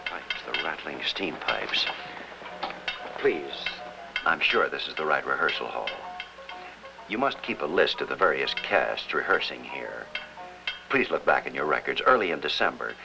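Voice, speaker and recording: An actor playing a middle-aged hospital chaplain in a 1950s television drama, asking calm, earnest questions. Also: male voice, rumbling low, a little slow, creaky, music in the background, full character voice, low-quality recording.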